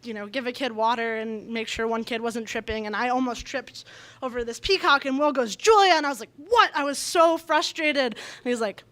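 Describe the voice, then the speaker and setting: A young woman with a high, bright-pitched voice tells a personal story live in a small bar. She is chatty and animated, laughing often as she goes. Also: brisk. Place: small bar venue, indoors.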